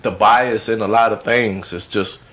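A man co-hosting a podcast in casual chat, telling stories with animated asides. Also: fairly low pitch, measured pace. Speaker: podcast co-host.

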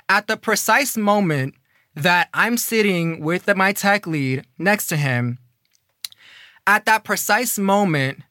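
A man telling a personal story in a casual, animated way, swearing often and swinging between fast bursts and dramatic pauses. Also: sits high, no echo, clean studio sound. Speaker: coding program student telling a story.

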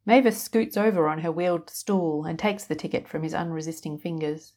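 Woman reading a story, low-ish voice. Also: a little fast, darkish tone. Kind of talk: scripted narration.

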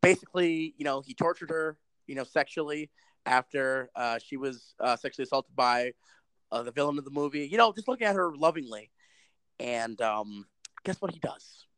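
A man recapping a movie in casual chat, animated and sarcastic, with lots of swearing. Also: medium pitch, normal speed, clear, resonant tone, no room sound, low-quality recording. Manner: animated, profane storytelling with sarcastic asides. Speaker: movie reviewer.

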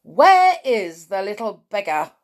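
A woman voicing a bad-tempered, blustering father with a moustache who shouts in a storybook reading. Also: medium pitch, big pitch swings, slow.

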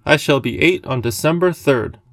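A man's voice: on the high side, moderate pace, no echo, clean studio sound, close to an everyday voice. A man doing a blunt, wary young boy. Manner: suspicious, blunt. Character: wary, blunt ten-year-old boy.

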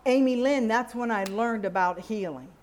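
A middle-aged woman delivers a sermon, her voice sitting a little high. She tells personal stories and acts out the lines of the people in them. Her preaching moves easily between teaching and testimony. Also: moderate pace. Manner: storytelling, acts out dialogue with God and others.

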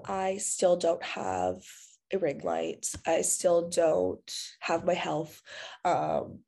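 A woman's voice: fairly low pitch, big pitch swings, drawn-out words, warm tone. A woman hosting her podcast in casual, self-deprecating chat while she has a cold, recorded without a proper microphone. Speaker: podcast host.

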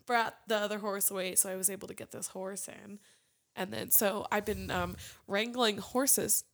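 A woman's voice: mid-range voice, moderate pace. A young woman chatting casually among friends, telling long stories with lots of swearing. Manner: animated storyteller, swears freely. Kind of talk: casual chat.

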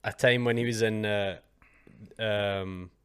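A man's voice: lowish voice, steady tone, slow, clean tone. A man from the United Kingdom hosting a podcast, chatting casually with slang and hesitant restarts. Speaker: podcast host. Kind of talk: casual interview chat.

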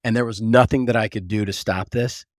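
Low-voiced man telling lively stories. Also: fairly quick, dry recording, studio quality. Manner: animated storyteller, lots of restarts and "you know". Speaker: guest, agribusiness recruiting consultant. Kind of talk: casual podcast interview.

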